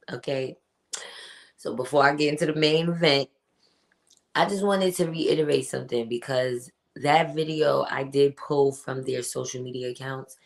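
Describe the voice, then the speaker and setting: A woman with an unusually deep voice hosts a casual livestream. She talks in a chatty, emphatic way and greets chat viewers by name as she goes. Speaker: podcast host reading live chat.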